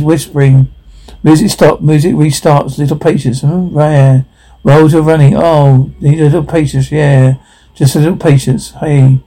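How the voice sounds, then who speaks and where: A man reading out film dialogue and sound captions in one flat voice, taking every character's lines himself. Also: fairly high pitch, creaky, low-quality recording.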